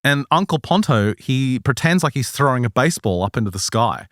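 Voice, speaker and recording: A man's voice: medium pitch, brisk, no room sound, clean studio sound. A man, a bit under the weather, co-hosting a podcast and telling a strange story in casual chat. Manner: lively, laughs often while telling. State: a little sick. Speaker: podcast co-host.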